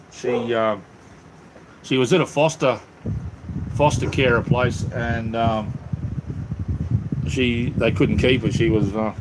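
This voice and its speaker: A man's voice: mid-range voice, noisy background. A man with an Australian accent chatting casually on a live stream, answering viewers in an easygoing way with lots of ums and restarts. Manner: easygoing, repeats "it's all good, mate", many ums and restarts.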